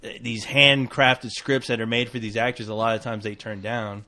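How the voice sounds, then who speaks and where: A man co-hosting a podcast in casual chat, hesitant, with many restarts, trailing off softly. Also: medium pitch, little pitch movement, normal speed. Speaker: podcast co-host.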